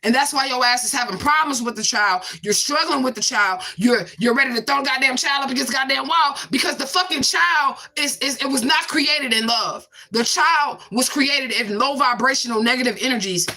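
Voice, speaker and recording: A woman delivers a casual spiritual card reading, blunt and emphatic, with frequent swearing. Her voice is bright and tense, pitched fairly high, and she hammers her points home with repeated catchphrases. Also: brisk, few pauses.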